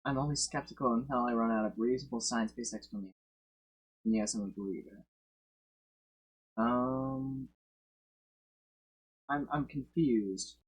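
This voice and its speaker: A man streaming and reacting casually, swearing and breaking into loud excited bursts. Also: medium pitch, moderate pace, pauses often, husky.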